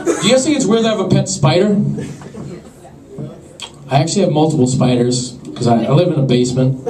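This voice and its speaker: A young man doing a stand-up comedy set with an awkward, deadpan, self-deprecating delivery to a laughing crowd. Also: on the high side, fairly quick, noisy background. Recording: echoey club from far off.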